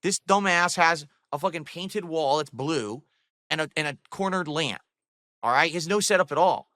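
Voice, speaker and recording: A slightly high, pushed and bright male voice at normal speed, with no room sound. The man streams from his home studio on a boom-arm studio mic, ranting with scorn and profanity at a rival and speaking directly to viewers and chat.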